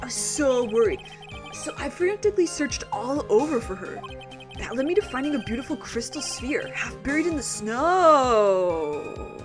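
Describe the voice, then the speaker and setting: A woman's voice: high-pitched, big pitch swings, moderate pace, music in the background. Woman reading an earnest young male witness. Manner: plain reading of game dialogue.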